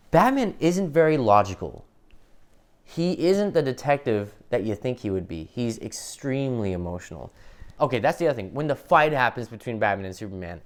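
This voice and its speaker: Male film reviewer, casual and profane, exasperated, lively pitch, middle-of-the-road voice. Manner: profane, acts out characters in quick impressions; exasperated ranting.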